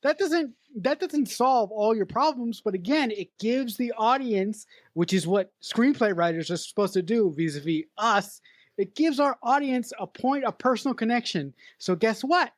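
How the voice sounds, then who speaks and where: A woman's voice: on the high side, expressive, moderate pace, no room sound, clean studio sound. A woman co-hosting a podcast, giving an emphatic, profane critique of a movie in casual chat. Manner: emphatic, critiquing, swears freely. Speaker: podcast co-host.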